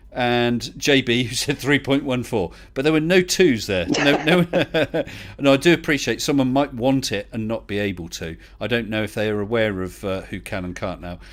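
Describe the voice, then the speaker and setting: A man's voice: mid-range voice, normal speed, slight background noise. A man from the UK hosting a casual live online chat, chatty and teasing, laughing often. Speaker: livestream host.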